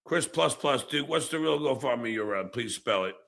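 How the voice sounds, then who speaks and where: A man live streaming, talking in a brash, taunting way with drawn-out phrasing. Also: medium pitch, animated, vocal fry, a bit bright. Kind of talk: rambling live stream talk.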